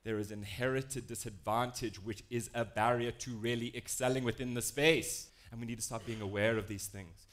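Animated South African man telling a story. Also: medium pitch, normal speed, hardly any pauses. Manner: animated, self-deprecating storyteller with lively shifts in tone. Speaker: diversity and inclusion speaker. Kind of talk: storytelling talk to an audience.

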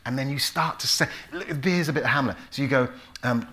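British male actor, storyteller at a public talk, bright forward tone, acts out voices. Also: mid-range voice, fairly quick. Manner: animated storyteller who acts out voices and recites Shakespeare. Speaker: actor and author giving a talk. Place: lecture hall before a live audience.

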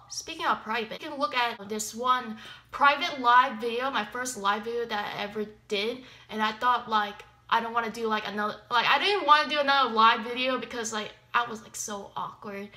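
A woman's voice: on the high side, normal speed, sharp tone. A young woman YouTuber reacting to her old videos in rambling casual talk, full of fillers and self-deprecating asides.

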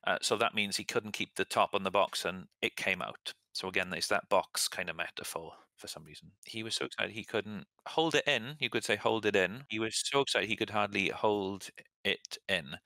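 Gravelly man explaining English phrases. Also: on the low side, moderate pace, no room sound. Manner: relaxed, chatty, laughs at own slips. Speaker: English teacher. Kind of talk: casual explanation of example sentences.

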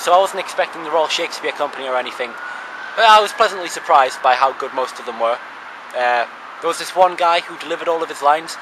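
A young man from northeast England with a voice a little higher than most, talking to a camera on a cold night street. He rambles in a dry, self-mocking way. Passing traffic and street noise sit clearly behind him. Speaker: vlogger. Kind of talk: casual chat to camera. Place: sitting outdoors on a town street at night. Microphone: handheld camera's built-in mic.

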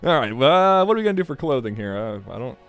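Animated, jokey let's play host man. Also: medium pitch, fast, smooth, soft background music. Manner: jokey, rambling, swears freely. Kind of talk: casual gameplay commentary.

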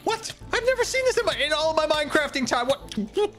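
A man giving excitable gameplay commentary, often exclaiming, laughing and talking to himself and to the creatures in the game. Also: very high-pitched, a little fast. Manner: exclaims and laughs often, repeating panicked cries. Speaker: gaming video creator.

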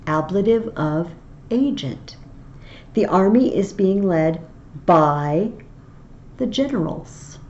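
A woman teaches Latin grammar in an unhurried, patient way, spelling out each step. Her voice sits a little low and mellow. The audio is slightly dull and lo-fi with a faint ambient hum behind it. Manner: patient, slow, step-by-step explaining. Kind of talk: online tutorial lesson.

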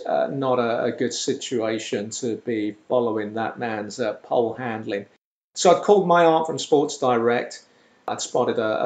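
A man telling a rambling comic story with dry, self-deprecating asides, as a podcast host. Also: medium pitch. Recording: roomy echo.

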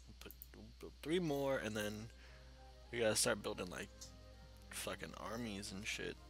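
A gaming channel host gives casual, rambling let's-play commentary, swearing freely and talking to himself as he plays. His voice sits on the low side with vocal fry and a fairly bright tone.

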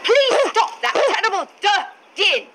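Prim fussy neighbour, high voice, swoops a lot, scolding, children's TV. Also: female voice, big pitch swings, a little slow, very noisy, heavily acted. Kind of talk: children's TV acting.

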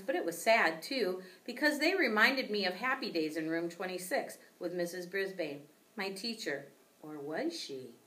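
Expressive woman reading a children's book. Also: on the low side, recorded from a distance. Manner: expressive storytelling. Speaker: teacher.

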